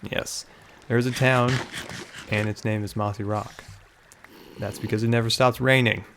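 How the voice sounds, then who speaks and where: A man's voice: on the low side, steady tone, measured pace, fairly bright tone, slight background noise. A young man casually commenting on his own game tutorial, musing aloud, repeating phrases, a little out of breath. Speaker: Minecraft YouTuber.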